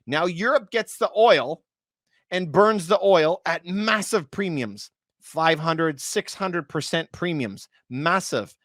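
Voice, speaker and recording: A man's voice: a little high, expressive, slow, a bit bright, dry recording, studio quality. A man, hosting a casual commentary video for viewers and talking in an emphatic, repetitive way. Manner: emphatic and repetitive, often calls things unbelievable. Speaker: real estate video host.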